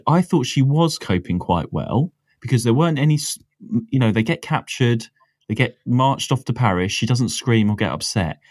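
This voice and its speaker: A man's voice: medium pitch, animated, moderate pace, darkish tone, no room sound, studio quality. A man co-hosting a podcast in casual chat, easygoing and chuckling often. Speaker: podcast co-host.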